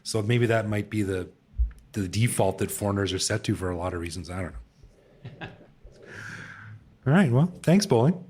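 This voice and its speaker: A man's voice: fairly low pitch, lively intonation, normal speed, long pauses, a little mellow, slight background noise. A man co-hosting a casual podcast, chuckling often and repeating words as he thinks. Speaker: podcast co-host. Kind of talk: casual chat.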